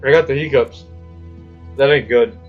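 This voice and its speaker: A man's voice: medium pitch, moderate pace, narrow, tinny audio, faint music behind. A man giving casual, crude, joking commentary over gameplay and swearing freely.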